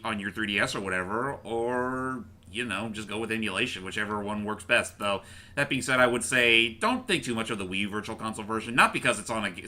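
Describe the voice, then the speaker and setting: A man's voice: fairly low pitch, pushed and bright. A man hosting a casual video game review chat, rambling and correcting himself as he goes. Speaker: host.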